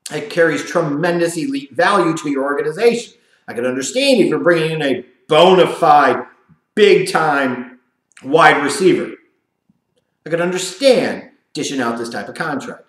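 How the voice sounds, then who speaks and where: High-voiced man ranting about football. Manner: profane, sarcastic, animated ranting. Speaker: sports commentator. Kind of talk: ranting sports commentary. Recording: roomy echo.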